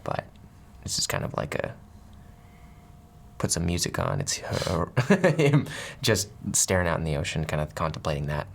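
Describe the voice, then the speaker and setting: A man's voice: low voice, sing-song, normal speed, vocal fry. A man casually playing a tabletop game, talking playfully and laughing often. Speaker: player.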